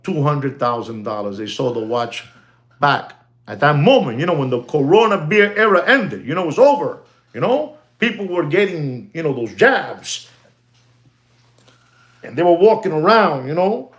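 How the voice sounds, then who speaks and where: A middle-aged man giving casual, animated commentary on the watch market, peppering his talk with "you know" and the odd Spanish phrase. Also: a little high, unhurried. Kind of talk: casual talking-to-camera commentary.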